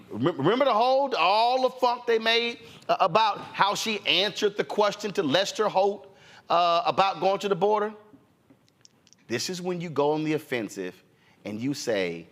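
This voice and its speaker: A man's voice: fairly high pitch, animated, measured pace, long pauses, fairly bright tone. A middle-aged man hosting a political talk show, delivering impassioned, preachy commentary and acting out politicians' voices.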